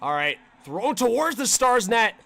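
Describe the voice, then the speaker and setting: High bright-voiced excitable male streamer. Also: measured pace, gravelly. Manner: excitable, shouts and yells on big plays; casual slangy talk to chat. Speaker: livestream host. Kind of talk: fan play-by-play commentary.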